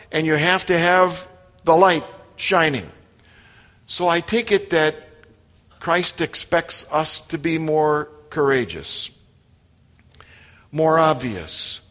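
A man preaches a sermon to his congregation in a church sanctuary, emphatic and direct, often posing questions to his listeners. He's a pastor with a fairly high, fairly bright voice, and the recording carries long hall reverb.

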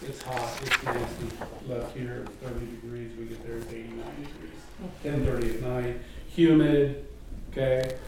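A man, a guest, telling a personal missionary story in a casual, animated way and mimicking the voices of people in it. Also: medium pitch, unhurried. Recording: distant mic in a very echoey room, faint noise.

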